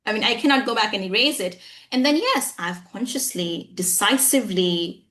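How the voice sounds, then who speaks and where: Animated woman with acquired American accent. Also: mid-range voice, moderate pace. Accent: American-style accent, acquired. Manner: animated, emphatic, frequent "you know what I'm saying". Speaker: guest English trainer. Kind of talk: conversational interview.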